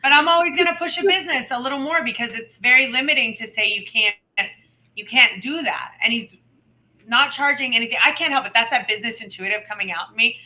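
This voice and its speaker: Bright-voiced woman co-host chatting. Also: sits high, rough recording. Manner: animated storytelling, quick asides. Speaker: podcast co-host. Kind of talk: casual chat.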